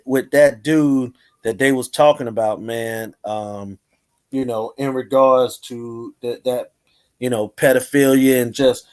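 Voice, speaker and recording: A man co-hosting a casual chat, rambling with many filler phrases. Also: mid-range voice.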